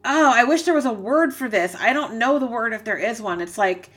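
Bright-voiced woman giving an earnest reading. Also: a little high, lively intonation, brisk. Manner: rambling, searching for words, many "like"s; emotional, earnest. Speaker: psychic reader. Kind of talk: channeled tarot reading.

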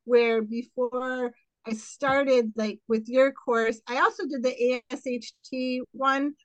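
A middle-aged woman in a casual podcast interview speaks high and fast-running. She tells her story with lots of fillers and acts out quotes. The sound is close and dry with no room. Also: fairly even intonation, dry recording, low-quality recording. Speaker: guest, occupational therapist.

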